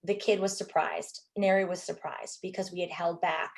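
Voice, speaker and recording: A middle-aged woman filmmaker, telling stories from a shoot in an interview, animated and quick to act out what people said. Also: lowish voice, creaky. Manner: animated, acts out quotes, many fillers. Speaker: filmmaker guest. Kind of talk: interview storytelling.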